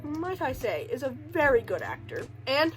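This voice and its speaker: A woman's voice: sits high, very animated, moderate pace, faint music behind, low-quality recording. A young woman casually recapping a film in a rambling way, full of "like" and joking asides. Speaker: video creator recapping a film.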